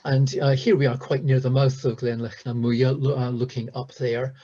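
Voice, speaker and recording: A man giving a recorded lecture, talking hesitantly with many pauses and restarts. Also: medium pitch, level tone, dark tone. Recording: dull lo-fi sound.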